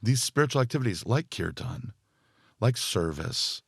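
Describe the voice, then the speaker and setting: A man speaking as a podcast guest and spiritual teacher, thoughtful and full of fillers, growing more animated as he explains. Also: lowish voice, moderate pace, gravelly, husky, no room sound, studio quality. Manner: thoughtful, speaks in loose phrases with many fillers. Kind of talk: reflective podcast conversation.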